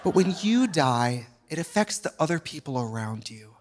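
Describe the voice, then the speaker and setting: High and sing-song at normal speed, this drag comedian's voice carries a campy, sardonic stand-up set where he mimics people in quoted voices to mock them. The live show is recorded at a comedy venue full of loud, laughing audience noise.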